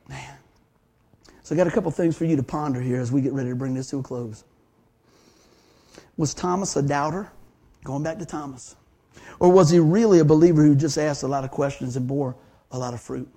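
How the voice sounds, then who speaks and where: A man preaching a sermon, telling stories in an animated way that swings from hushed to loud. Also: on the high side, brisk, breathy edge.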